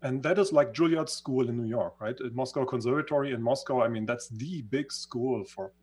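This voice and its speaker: A guest in an interview, a man who isn't a native English speaker, earnestly tells his life story and sometimes searches for words. His voice is mid-range, a little mellow, and slightly rough, with a brisk pace. It's reflective storytelling in conversation.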